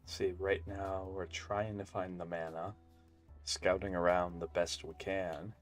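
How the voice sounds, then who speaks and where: Deep-voiced man streaming a game. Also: little pitch movement, a little slow, faint music behind. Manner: chatty, joking asides to viewers. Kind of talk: casual gameplay commentary.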